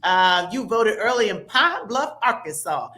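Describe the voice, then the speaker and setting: Upbeat woman host, bright tone, chatty shout-outs from viewer comments. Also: mid-range voice, sing-song. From American South. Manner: upbeat, chatty, reads viewer comments aloud with quick asides. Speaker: livestream host. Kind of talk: lively livestream shout-outs.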